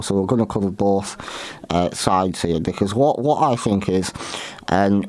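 A man hosting a history talk show, giving opinionated commentary in a halting way, often repeating and restarting his words. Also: fairly low pitch, no room sound.

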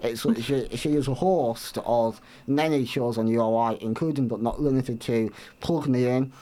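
Male radio host in a studio, mid-pitched, casual chat with dry humour and lots of halting restarts. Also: dark tone.

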